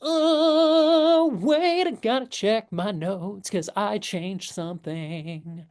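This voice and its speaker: A man's voice: sits high, very slow, darkish tone. Hesitant male game master. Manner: hesitant, many fillers and restarts. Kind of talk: narrating a tabletop game.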